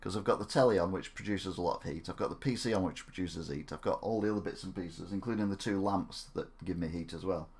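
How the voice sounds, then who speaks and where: A man's voice: deep voice, fast talker, few pauses, darkish tone. A man chatting casually on a gaming live stream. He jokes around, mocks himself and rambles. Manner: jokey, self-mocking, rambling.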